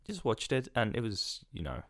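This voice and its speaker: A man's voice: mid-range voice, wildly swooping pitch, normal speed, dry recording, clean studio sound. A young man co-hosting a podcast in casual chat, joking, giggling and restarting his sentences. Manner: giggly, jokey, trails off into restarts. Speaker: podcast co-host.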